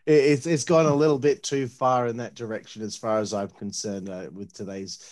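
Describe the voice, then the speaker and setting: A man hosting an interview, asking questions hesitantly with many pauses and restarts. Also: medium pitch, fairly even intonation, darkish tone. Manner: hesitant, full of uhs and restarts. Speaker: interviewer, host. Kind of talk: casual interview.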